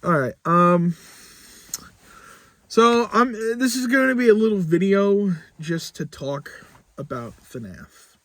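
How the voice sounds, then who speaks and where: A young man chats casually to camera about his channel, rambling, restarting sentences and swearing offhandedly. His voice sits a touch high and his pace is unhurried and slow. The recording is dry, with no room sound around him. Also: expressive, fairly bright tone, no room sound. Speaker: channel creator. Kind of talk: casual vlog talk.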